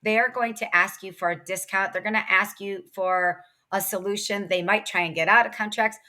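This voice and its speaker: Woman in her 30s from ohio, bright forceful voice, chatty podcast guest talking fast and easy. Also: medium pitch. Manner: energetic, quick, chatty with laughs. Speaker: podcast guest, sales expert and author. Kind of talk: casual interview chat.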